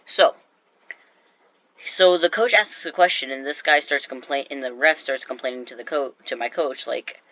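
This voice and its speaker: A teenage boy chats to his viewers in a bright, sharp voice that sits close and dry. He rambles, fills gaps with "like" and restarts his sentences often. The recording is a little dull and lo-fi. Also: medium pitch, normal speed, no room sound. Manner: rambling, talks straight to viewers with many "like"s and restarts. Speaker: vlogger. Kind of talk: casual storytelling to camera.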